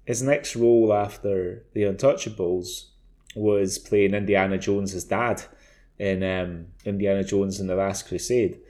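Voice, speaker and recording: A man's voice: low-pitched, steady tone, a little slow, mellow. A man co-hosting a podcast, chatting casually, swearing freely and repeating words as he starts his sentences. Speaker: podcast co-host. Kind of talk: casual chat.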